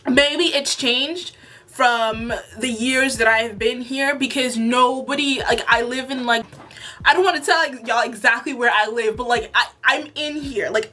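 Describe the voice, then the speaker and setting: Young woman venting to camera, kinda high voice, super bright and sharp, blunt and fed up. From lives in Toronto, Canada. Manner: blunt, exasperated, swears freely. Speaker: YouTube commentator. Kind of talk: casual commentary rant to camera.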